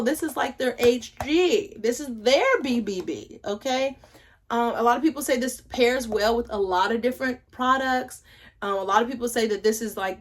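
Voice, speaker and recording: A young woman chatting casually at home as she reviews hair products, rambling with playful asides to her viewers. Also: on the high side. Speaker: hair care vlogger.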